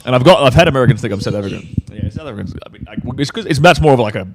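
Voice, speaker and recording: A man's voice: medium pitch, lively intonation, rapid-fire. A man from Australia with an Australian accent, a guest in a casual conversation, blunt and laid-back.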